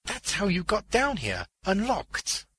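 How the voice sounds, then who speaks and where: A man's voice: medium pitch, very animated, normal speed, sharp tone, husky, dry recording, pitched above the performer's own voice, exaggerated voice. A man voicing a cynical old man who explains things in a matter-of-fact, knowing way.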